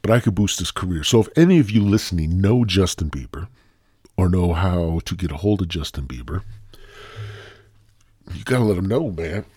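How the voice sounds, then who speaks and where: A man hosts a podcast in a loose, profane, jokey ramble. His low, husky voice swings widely in pitch. The recording is dry and close. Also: lively intonation, normal speed, pauses often, darkish tone, dry recording. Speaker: podcast host. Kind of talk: casual rambling monologue.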